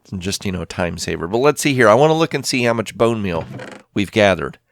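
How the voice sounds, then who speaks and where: A man's voice: lowish voice, animated, fairly quick, vocal fry. Rambling man narrating his own gameplay. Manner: rambling, self-talking, thinks aloud. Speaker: Minecraft let's play host. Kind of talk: casual gameplay commentary.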